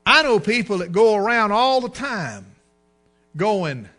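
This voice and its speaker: A man's voice: big pitch swings, unhurried, pushed and bright, faint music behind. A man preaching a sermon in a folksy storytelling way, acting out the people in his stories. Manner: folksy storytelling, acts out dialogue with rising pitch and volume.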